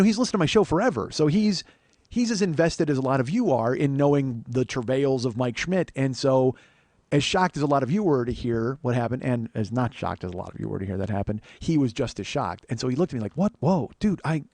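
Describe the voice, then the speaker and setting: A male comedian rambles through a long personal story at a quick clip, swearing freely and laughing at himself. The sound is close and dry, with no room around it. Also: mid-range voice, a little mellow, no room sound. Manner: profane, self-deprecating, rambling with restarts. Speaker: comedian and podcast host. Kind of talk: casual solo storytelling.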